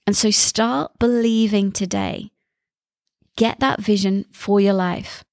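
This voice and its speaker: A woman's voice: mid-range voice, fairly even intonation, slow, darkish tone, no room sound, clean studio sound. Soothing motivational woman podcaster. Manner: coaching, repeats affirmations in first person. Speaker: podcast host. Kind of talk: motivational talk.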